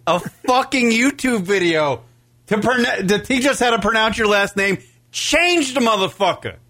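Jokey man with a lively voice. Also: high-pitched, a little slow, no echo. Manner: jokey, playful, crude. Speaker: radio show co-host. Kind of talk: casual joking chat.

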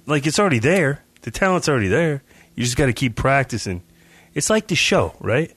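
A man co-hosting a podcast, talking in a halting, hedging way in casual chat. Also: mid-range voice, very animated, a bit bright, breathy edge, dry recording. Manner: halting, hedging, lots of fillers. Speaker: podcast co-host.

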